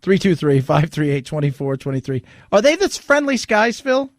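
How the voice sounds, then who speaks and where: A man's voice: fairly high pitch, very animated, normal speed, dry recording. A male talk radio host in his forties giving an indignant, sarcastic rant into a studio microphone. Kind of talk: opinionated talk radio monologue.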